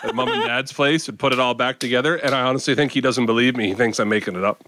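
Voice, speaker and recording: Bright, lively podcast guy. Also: mid-range voice, fast talker, a little hiss or hum. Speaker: podcast co-host. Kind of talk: casual chat.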